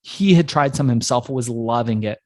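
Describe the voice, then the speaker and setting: A man from Iran tells a story from his own life in a conversational interview, pitching his voice up and down to act out the people he met. His voice sits in a middle range. The sound is dry and close, with no room echo. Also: moderate pace. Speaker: entrepreneur guest.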